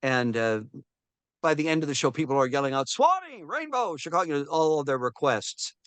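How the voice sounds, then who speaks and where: A man's voice: medium pitch, fairly quick, clean tone, dry recording. A man in his seventies, a film historian giving an interview, telling stories animatedly, with frequent restarts and fillers. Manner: animated storyteller who acts out quoted voices. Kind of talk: casual interview storytelling.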